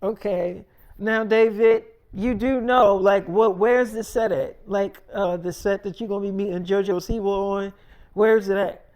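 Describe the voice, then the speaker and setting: A man voicing his clingy, eager young wife in a soft, sweet and pleading tone, close to his own voice. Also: high-pitched, fairly even intonation, a little slow.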